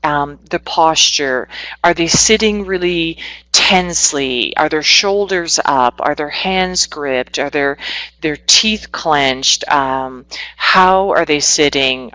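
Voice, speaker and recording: A woman from Northwestern Ontario, a psychotherapist, presenting a webinar in a quick, conversational way with small asides. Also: on the low side, fairly bright tone, no echo, rough recording. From Northwestern Ontario, Canada. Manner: fast-talking, self-aware, conversational with asides.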